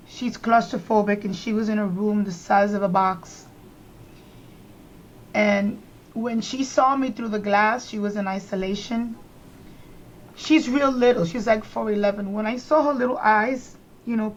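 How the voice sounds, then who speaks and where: A woman's voice: medium pitch, slight background noise. A middle-aged woman from New York, a podcast guest, telling a personal story with emphatic, repeated phrases. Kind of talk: emotional personal storytelling in conversation. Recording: slightly dull lo-fi sound.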